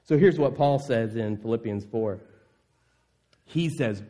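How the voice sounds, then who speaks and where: An earnest male pastor delivering a sermon at a mid-range pitch. He puts rhetorical questions to the congregation and drops to a hushed, low voice on the words that matter most. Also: unhurried.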